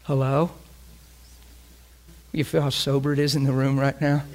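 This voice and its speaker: With a medium pitch and flat delivery at a moderate pace, a preacher speaks with passion, asking his congregation direct questions. He alternates between loud emphasis and near-whispers.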